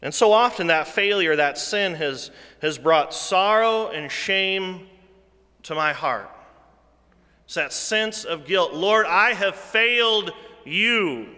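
A male preacher delivers his sermon at a very slow, deliberate pace. His voice is bright and sits a little high. It swells and sinks to near-whispers inside a big, reverberant sanctuary. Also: animated, clear, resonant tone. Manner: slow, deliberate preaching that swells louder then drops to a hush.

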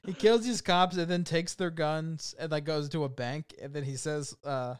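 A man's voice: on the high side, fairly even intonation, normal speed, clear, resonant tone. A young man co-hosting a podcast, casually and animatedly retelling movie scenes with frequent laughter. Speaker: podcast co-host.

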